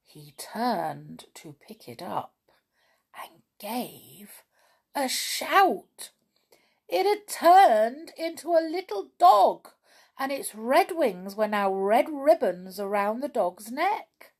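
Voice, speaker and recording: A woman narrating a children's storybook reading in an expressive storytelling manner. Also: a little high, slow.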